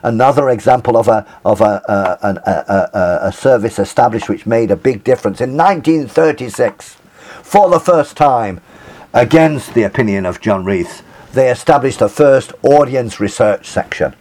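A man's voice: mid-range voice, expressive, normal speed, darkish tone. A man giving a university lecture, hesitant, with many fillers and self-corrections.

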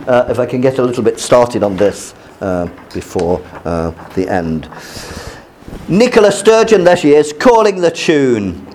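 A man teaching by reading a news article aloud and explaining it, pausing often with fillers. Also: medium pitch, slight background noise. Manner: halting explanations with many fillers between read passages.

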